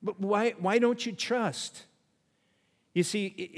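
A man's voice: high voice, slow pace, long pauses, big-room sound. A man preaching a sermon as pastor, who repeats refrains and asks his listeners questions.

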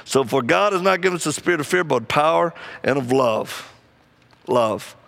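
A man preaching a sermon, telling personal stories and acting out the people in them with lively, animated delivery. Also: on the high side, moderate pace, gravelly. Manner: animated, acts out quoted people, laughs often.

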